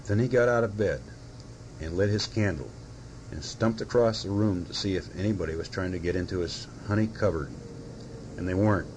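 Low-voiced man reading a storybook. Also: fairly quick, a little mellow, a little hiss or hum, low-quality recording.

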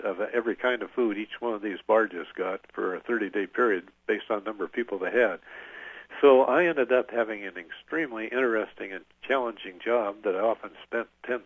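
An older man, a veteran, recalling his service in an oral history interview, halting with many filler pauses. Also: lowish voice, dry recording. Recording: tinny phone-like line, dry.

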